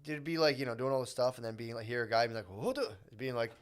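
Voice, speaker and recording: A man's voice: medium pitch, steady tone, rapid-fire, smooth. A man co-hosting a comedy podcast in casual banter, laughing often and saying dude a lot. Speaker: podcast co-host.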